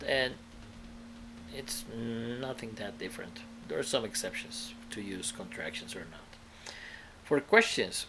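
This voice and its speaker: A man's voice: mid-range voice, fairly bright tone, a little hiss or hum. A man teaching an English grammar lesson, explaining step by step and often checking in with the viewer.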